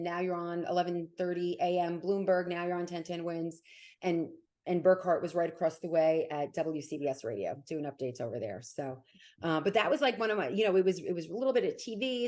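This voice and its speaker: A woman with a New Jersey accent talks quickly and lively as a guest in a casual interview. Her voice sits slightly low for a woman, and she sounds like someone in her forties. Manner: fast-talking and animated. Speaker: sports broadcaster guest.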